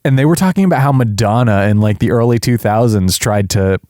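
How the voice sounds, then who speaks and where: A man hosts a relaxed movie review chat, animated and quick to break into impressions. His voice sits in a middle range and is recorded dry and close. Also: mid-range voice, no room sound. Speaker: podcast host, movie reviewer. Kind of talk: casual chat.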